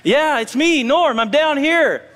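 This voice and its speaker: Preacher doing a high, frantic man begging for rescue from a pit, echoing in a big hall. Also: expressive, takes it slowly, a bit bright, heavily acted. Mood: pleading. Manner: frantic, pleading calls for help. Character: panicked man stuck down a manhole, pleading. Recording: long church hall reverb.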